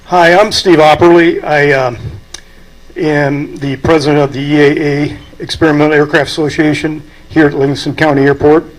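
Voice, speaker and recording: A man's voice: fairly high pitch, little pitch movement, moderate pace, poor audio. An older man, speaking at a memorial and telling folksy anecdotes with chuckles. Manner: folksy storytelling, chuckling at his own stories. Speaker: aviation club president giving a eulogy.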